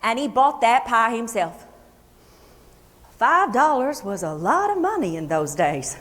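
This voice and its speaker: This is an actress portraying a historical Kentucky country singer in the first person, a homespun woman who talks plainly and loves spinning tales. She reminisces in a high, sing-song, slightly bright voice with an Appalachian accent, chatty and folksy and never rushed. The recording comes from a luncheon hall before an audience, with a long, echoing reverb.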